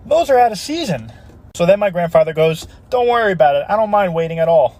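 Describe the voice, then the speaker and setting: Brief: quick, higher-voiced man telling jokes, casual delivery. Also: big pitch swings, darkish tone. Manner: casual storytelling with put-on voices. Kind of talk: telling a joke story.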